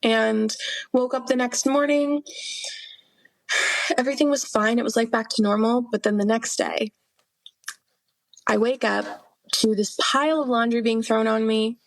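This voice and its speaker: A woman's voice: on the high side, steady tone, unhurried, long pauses, no room sound. A young woman guest on a podcast, earnestly telling her personal faith testimony, quoting herself and laughing through hard memories.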